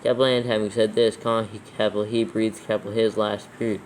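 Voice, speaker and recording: A man reading scripture aloud for proofreading, haltingly dictating each punctuation mark. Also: lowish voice, level tone, low-quality recording. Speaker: proofreading reader. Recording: faint background noise.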